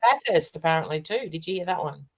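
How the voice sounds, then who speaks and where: Middle-aged Australian woman, low-ish pitch, chatty storyteller who laughs a lot. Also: lively intonation, fast. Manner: warm storytelling, laughs often. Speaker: co-host, medium. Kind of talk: casual livestream chat.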